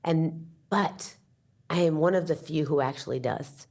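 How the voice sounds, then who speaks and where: A woman's voice: sits low, a little slow. A woman in her fifties, an entrepreneur guest telling a story in an interview and acting out the dialogue as she goes. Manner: animated, acts out the dialogue in her stories.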